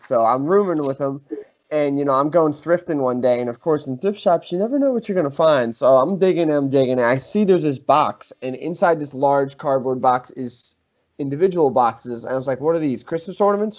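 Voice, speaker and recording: A young man casually telling a prank story to friends on a podcast, animated, swearing and acting out what people said. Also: mid-range voice, a little fast. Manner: animated, swearing, acts out quotes. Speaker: podcast host. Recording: slightly dull lo-fi sound.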